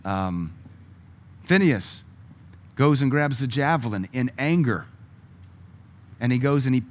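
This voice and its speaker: A man preaching a sermon, moving between loud emphatic lines and quiet asides and chuckling with the congregation. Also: mid-range voice. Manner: laughs often, conversational asides to the congregation.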